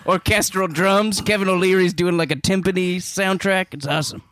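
An actor playing a dream-stalking slasher as a goofy guest, rambling through improvised pitches and laughing at his own ideas. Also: fairly even intonation, normal speed, heavy background noise, close to an everyday voice. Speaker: guest in character. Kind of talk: improvised comedy interview.

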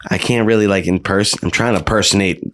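A man's voice: lowish voice, fairly even intonation, quick pace, a bit bright. A man co-hosting a podcast, talking in a hesitant, rambling, profane casual chat. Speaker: podcast co-host.

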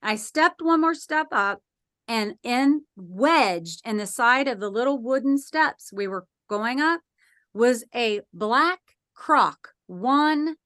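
Animated woman storyteller, fairly high voice. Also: takes it slowly, no room sound, studio quality. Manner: lively, acts out voices in her story. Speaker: podcast guest.

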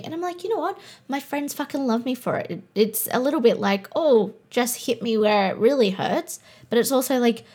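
A woman's voice: mid-range voice, darkish tone. A young adult Australian woman, a podcast host and coach, talking in a candid, blunt way and swearing freely. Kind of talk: casual monologue.

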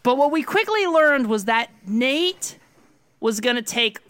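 A man co-hosting a comedy podcast, animated and arguing with mock outrage. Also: very high voice, unhurried, dry recording. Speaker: podcast co-host. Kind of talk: casual comedic chat.

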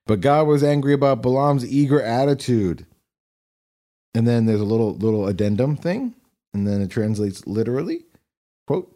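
A young man co-hosting a podcast banters and reads aloud in a jokey, incredulous way. His voice swings widely in pitch around an ordinary middle register. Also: lively intonation, moderate pace, dark tone. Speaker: podcast co-host. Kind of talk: casual banter and reading aloud.

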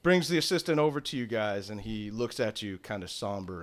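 A young man narrating a tabletop game as game master, with filler pauses. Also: lowish voice, lively intonation.

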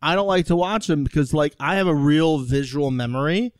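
A man hosting a casual chat show, joking loudly and swearing freely. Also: on the high side, a little fast, no echo, studio quality. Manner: loud, jokey, swears freely. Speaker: podcast host.

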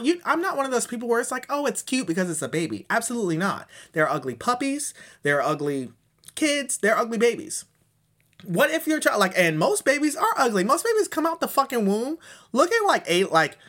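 A man's voice: very high-pitched, wildly swooping pitch, normal speed, bright, forceful tone. A man in his thirties, a podcast host rambling through a profane, self-mocking comedic monologue. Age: 30s.

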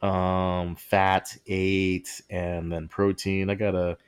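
Very deep-voiced man, rambling. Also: level tone, slow pace, clear, resonant tone. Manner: rambling, self-interrupting, laughs often. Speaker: podcast co-host. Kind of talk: casual chat.

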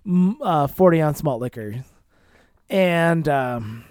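A man's voice: a little high, animated, slow, darkish tone, no room sound, studio quality. A man in his thirties telling a rambling, profane story in casual chat, often laughing as he talks. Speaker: podcast co-host.

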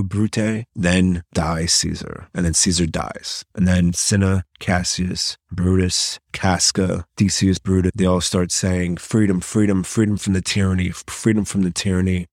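A man's voice: sits low, dry recording, clean studio sound. A male podcast host retelling a play in a casual storytelling way, often tagging his sentences with questions to the listener.

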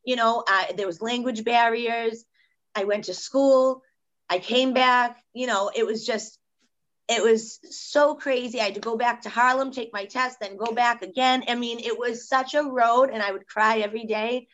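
A woman's voice: a little high, fairly even intonation, normal speed, fairly bright tone, lo-fi sound. A woman, a beauty business owner being interviewed on a podcast, talking in a chatty, heartfelt way full of "you know" fillers. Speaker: guest, permanent makeup business owner.

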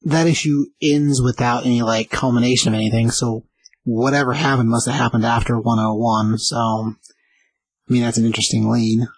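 A man with a husky, mid-pitched voice drops short agreements and side comments into the chat. His sound is close and dry. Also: flat delivery, normal speed, dry recording, poor audio. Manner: chimes in with short agreements and asides. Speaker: podcast co-host. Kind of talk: casual chat.

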